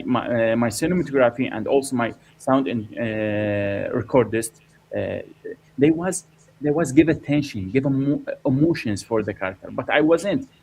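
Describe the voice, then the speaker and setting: A man's voice: mid-range voice, vocal fry, a little mellow, low-quality recording. Man, documentary director, hesitant, lots of ums, faint noise behind. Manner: halting, many fillers and restarts. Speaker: documentary filmmaker. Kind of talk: interview answers.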